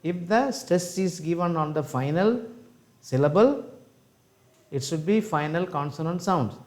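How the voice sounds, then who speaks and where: A man teaches pronunciation in an unhurried, drawn-out way. His voice sits a little high for a man, and he repeats every word as a drill, calling his learners "my dears.". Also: animated, darkish tone. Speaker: English teacher. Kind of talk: pronunciation lesson.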